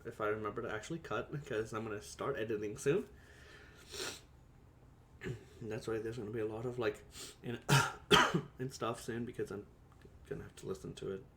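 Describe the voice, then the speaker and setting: A man's voice: on the low side, normal speed, long pauses, a bit bright, a little hiss or hum. A man hosting a let's play, giving rambling, self-deprecating commentary full of fillers. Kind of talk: casual game commentary.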